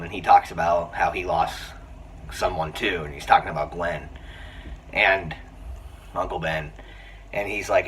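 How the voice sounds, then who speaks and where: An eager man rambles through a casual film review, restarting his sentences as he retells scenes. His low voice sounds bright and forceful. He sits a little back from the mic, with a faint hiss of the room behind him. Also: recorded from a distance, poor audio.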